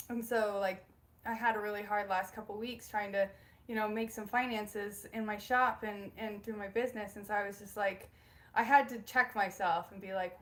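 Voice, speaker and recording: A woman's voice: mid-range voice, fairly even intonation, normal speed. A young woman hosting a casual spiritual livestream from home, bubbly and giggly as she greets viewers by name. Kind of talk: casual live-stream chat.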